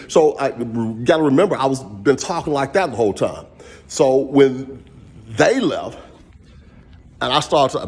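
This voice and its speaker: Husky man rambling through a story. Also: mid-range voice, moderate pace. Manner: rambling, animated, acts out his own lines. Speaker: vlogger telling a personal story. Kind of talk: casual storytelling monologue.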